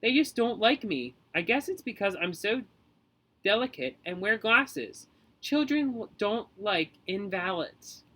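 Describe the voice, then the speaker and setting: A high, wailing little boy, spoiled and full of self-pity, as a male reader puts him on. His sulky complaints jump around in pitch. Each line comes out as a bright, strained whine. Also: big pitch swings, a little slow, full character voice, low-quality recording. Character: whiny pampered boy of nine.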